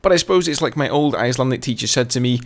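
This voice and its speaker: A man's voice: medium pitch, racing. A young man from England with an English accent, a gaming channel host telling a casual story in a chatty, rambling way. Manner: chatty and rambling, full of "you know".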